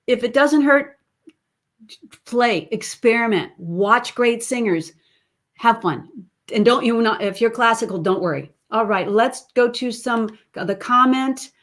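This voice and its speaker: A woman vocal coach teaching an online singing lesson over a video call, breaking into sung and creaky vocal demonstrations between explanations. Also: fairly high pitch, unhurried, a bit bright, rough recording.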